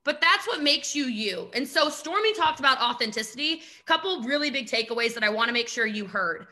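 High, bright-voiced, animated woman coach. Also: brisk. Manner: animated, emphatic, laughs often, mock voices. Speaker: network marketing coach. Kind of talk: motivational talk on a video call.

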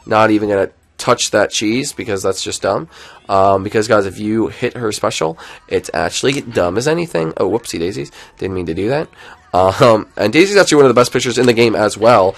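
Excitable young man streaming a game. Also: fairly low pitch, a little fast, vocal fry. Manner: excitable, chatty, jumps between loud outbursts and mutters. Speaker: gaming live streamer. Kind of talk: live gameplay commentary.

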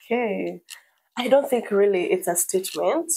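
A woman's voice: mid-range voice, moderate pace, gravelly, husky, low-quality recording. A woman giving an earnest, hesitant personal testimony as a guest in an interview. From Kenya. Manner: soft-spoken, hesitant, earnest. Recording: faint background noise.

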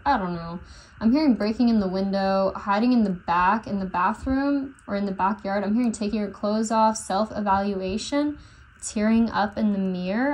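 A woman's voice: mid-range voice, low-quality recording. Rambling woman channeling tarot messages. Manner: rambling, unsure, many fillers and self-corrections. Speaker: tarot reader. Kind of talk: casual channeling monologue.

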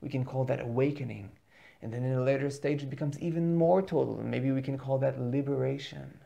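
Guy with a gravelly voice doing an earnest spiritual pep talk, keeps repeating words to drive it home. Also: medium pitch, brisk, dark tone. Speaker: spiritual teacher.

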